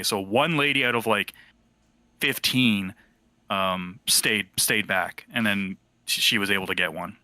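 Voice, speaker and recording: A man in his thirties casually telling a lively story and acting out the quoted voices. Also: lowish voice, a little slow, no room sound. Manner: animated, acts out quoted voices. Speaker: team member sharing a memory.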